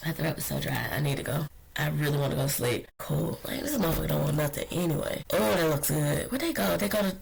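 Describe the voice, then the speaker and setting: A podcast host talking alone in a rambling, blunt and profane way, getting heated and often trailing off to think out loud. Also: mid-range voice, quick pace, vocal fry, hardly any pauses, husky, poor audio. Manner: heated, ranting. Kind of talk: casual solo podcast monologue.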